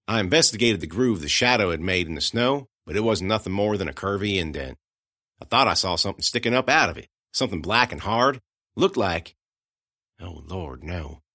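Low-voiced man narrating an audiobook. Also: no room sound, clean studio sound. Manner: folksy, conversational, hushed at grim moments. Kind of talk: first-person audiobook narration.

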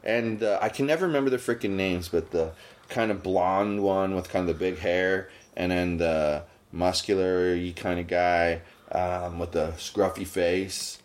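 A podcast host with a deep voice rants casually at a measured pace. As he gets worked up, his voice jumps sharply whenever he's indignant.

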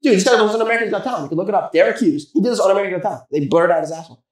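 A man's voice: high-pitched, very fast, roomy sound. A man telling rambling, joking stories in casual podcast banter as a comedian guest.

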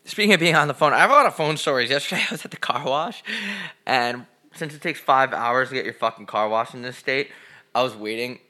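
Young man, podcast co-host, bright voice, lively storytelling, swears a lot. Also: medium pitch, brisk. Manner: animated storyteller, swears, acts out quotes loudly. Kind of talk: casual storytelling chat.

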